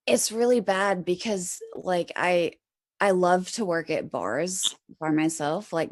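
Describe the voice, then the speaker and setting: A woman's voice: sits low, darkish tone, dry recording. A young woman from the American South, an interview guest, talking candidly and rambling, full of "like" and casual swearing. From Huntsville, Alabama, US. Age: young adult. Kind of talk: casual chat.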